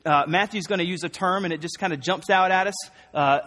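A man preaching a conversational, animated sermon, often acting out the voices of the people he quotes. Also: high-pitched, brisk, in a large hall.

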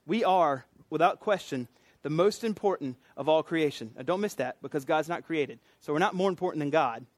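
A man's voice: fairly high pitch, lively intonation, brisk, no echo. A man preaching a sermon in a casual, joking, conversational way. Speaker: pastor.

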